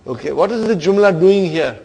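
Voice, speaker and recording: A man's voice: high-pitched, animated, lo-fi sound. Coaxing male Arabic grammar teacher. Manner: coaxing, keeps asking "are you with me, brother?"; drawn-out stressed words, trailing off quietly at phrase ends. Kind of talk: online grammar lesson to students.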